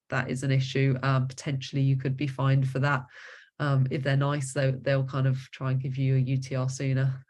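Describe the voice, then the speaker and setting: A woman, an accountant guest giving casual advice over a video call, pausing often with ums and restarts. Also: very deep voice. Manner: hesitant, many ums and restarts. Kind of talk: casual advice in an online workshop.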